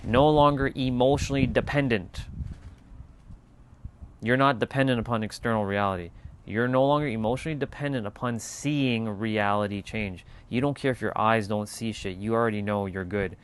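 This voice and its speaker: A man's voice: lowish voice, normal speed, clear, resonant tone. A man hosting a casual motivational livestream, talking emphatically with lots of repetition and casual swearing. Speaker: channel host.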